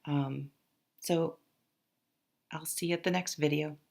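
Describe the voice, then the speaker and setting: Low, gravelly-voiced woman reading tarot. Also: steady tone, slow, darkish tone. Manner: rambling, chatty, with many fillers and restarts. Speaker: tarot reader. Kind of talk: casual tarot reading to camera.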